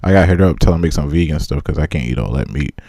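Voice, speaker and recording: A man's voice: a bass voice, very fast, dry recording, clean studio sound. A young man co-hosting a casual podcast, telling stories animatedly and acting out the people in them. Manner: animated storytelling, acting out quotes and laughing. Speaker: podcast co-host. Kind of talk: casual chat.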